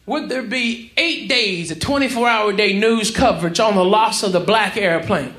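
A male stand-up comedian performing a brash, profane, mocking set on a comedy club stage, shouting his punchlines. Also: high-pitched, normal speed. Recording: live club recording, roomy, crowd noise. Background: audience laughter.

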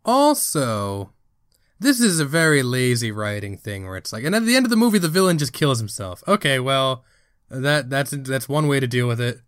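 Lively man in his thirties reviewing films. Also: mid-range voice, normal speed, smooth, no room sound, studio quality. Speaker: podcast co-host. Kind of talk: casual movie review chat.

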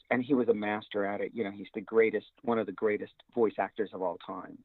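A man's voice: lowish voice, fairly even intonation, quick pace, hardly any pauses, dry recording. A man, a voice actor guest, talking casually in an interview, rambling with many fillers and restarts. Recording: tinny dry phone line.

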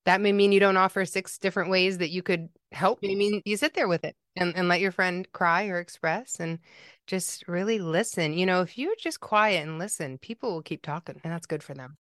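A woman counselor speaks in a fairly low voice, lively and expressive, often acting out what other people say. The sound is dry and close, with no room around it. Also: brisk, dry recording. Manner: warm, animated, acts out quoted speech. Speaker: pet loss grief counselor. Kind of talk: podcast guest conversation.

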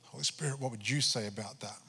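A man's voice: mid-range voice, quick pace, vocal fry, pushed and bright, breathy edge, big-room sound. A pastor preaching a sermon, telling his own story with animation and acting out his prayers to God. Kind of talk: sermon testimony.

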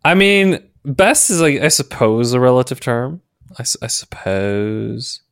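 A man's voice: mid-range voice, measured pace, creaky, clear, resonant tone, dry recording, studio quality. A man hosting a casual chat show, laughing often and hesitating with fillers. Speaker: podcast host.

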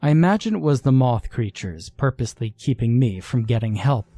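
A man reads a first-person horror story in a measured, unhurried voice that is dark and husky. The sound is dry and close, with faint music playing under him. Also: medium pitch, animated, dry recording. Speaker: narrator. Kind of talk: scripted horror story narration.

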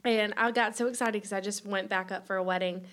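A woman with a Southern US accent, co-hosting a podcast and telling a casual, animated story. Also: medium pitch, brisk. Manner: animated, expressive. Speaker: podcast co-host.

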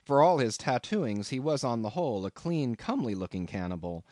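A man reading a classic novel aloud as an audiobook narrator, in an expressive, dramatic way. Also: mid-range voice, fairly quick, no room sound, clean studio sound.

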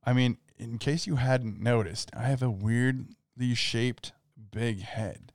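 A man's voice: medium pitch, takes it slowly, a little mellow, no room sound, clean studio sound. A man co-hosting a podcast, asking questions in a laid-back way and laughing often. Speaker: podcast co-host. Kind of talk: casual chat.

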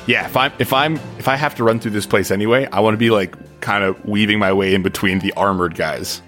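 A man playing a tabletop game in character, goofy, excitable and quick to laugh. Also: fairly low pitch, faint music behind. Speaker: player.

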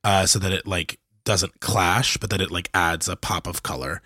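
A man playing a tabletop game who describes his moves haltingly, with many fillers. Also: sits low, bright, forceful tone, dry recording, clean studio sound. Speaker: player.

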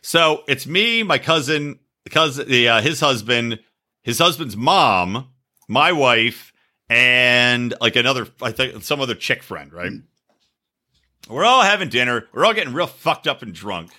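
A man hosting a podcast, telling a crude story in an animated way and shouting when he acts out quotes. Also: medium pitch, unhurried. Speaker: podcast host.

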